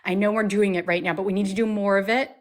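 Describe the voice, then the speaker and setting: An American woman vents her anger as a caller on a live stream. She speaks emphatically and keeps circling back to the same phrases for force. Her pitch sits in the middle of the range. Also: steady tone, fast. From United States. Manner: angry, emphatic, repeats phrases. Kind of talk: impassioned call-in speech.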